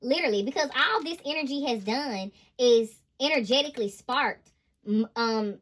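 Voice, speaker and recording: A woman reads tarot cards in an emphatic, slangy monologue. Her voice is bright and sharp. She talks with lively energy and laughs often. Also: sits high, normal speed. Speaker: intuitive tarot reader.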